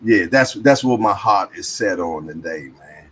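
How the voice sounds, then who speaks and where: A man's voice: low-pitched, lively intonation, a little slow, slight background noise. A man hosting a livestream, chatting casually and reading viewer comments aloud with a laid-back, slangy manner. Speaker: livestream host.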